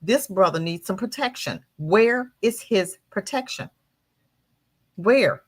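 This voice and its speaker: A woman guest holds forth on a talk show. Her voice sits at a middle pitch. She speaks fiercely, in a preaching rhythm, throwing out rhetorical questions. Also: expressive, takes it slowly, husky. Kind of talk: impassioned commentary.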